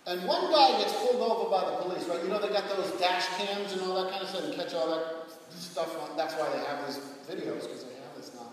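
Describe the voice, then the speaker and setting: A man preaching a sermon, telling stories and often asking "right?" of his listeners, with sudden loud outbursts. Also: high voice, brisk. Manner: animated storytelling with sudden shouted quotes; frequent rhetorical "right?" checks. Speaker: pastor. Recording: echoey hall, voice from far off.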